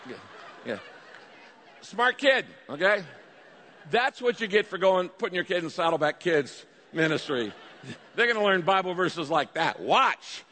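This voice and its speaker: A male pastor delivers a lively sermon with a somewhat high voice, slipping into raised, pleading voices when he acts out prayers. His words ring out with the long reverb of a large church hall. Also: normal speed, long pauses.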